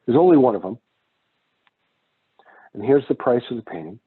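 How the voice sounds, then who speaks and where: Casual man lecturing on economics, husky tinny sound. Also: mid-range voice, sing-song, moderate pace. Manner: casual, digressive, with personal anecdotes. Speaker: economics instructor. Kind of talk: recorded lecture.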